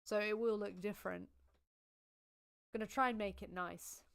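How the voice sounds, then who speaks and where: Brief: woman livestream host, loose chatty delivery, smooth voice with a gravelly fry. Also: mid-range voice, fairly even intonation, moderate pace. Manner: giggly, chatty, thanking viewers. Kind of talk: casual livestream chat.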